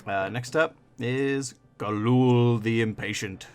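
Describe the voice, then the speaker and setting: A man's voice: medium pitch, slow, clean tone. A man narrating a tabletop game as game master, in a casual manner with fillers. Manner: casual, describes scenes with fillers.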